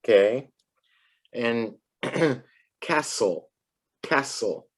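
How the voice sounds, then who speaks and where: Low-voiced lady tutor doing pronunciation drills, slow and patient, says each word super clearly. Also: animated. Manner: patient, drills words slowly and repeats them clearly. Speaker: English tutor. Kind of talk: one-on-one pronunciation lesson.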